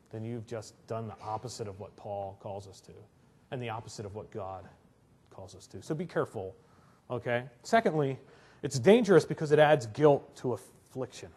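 A man's voice: mid-range voice, very animated, normal speed. A man preaching a sermon in a conversational way, acting out little quotes and often asking "right?". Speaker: pastor.

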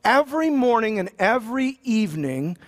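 A pastor with a fairly high voice for a man preaches to his congregation. He reads scripture aloud and then retells it in loose, joking everyday language. His sermon style is conversational, not formal. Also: sing-song, moderate pace. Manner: casual and joking, with slang asides.

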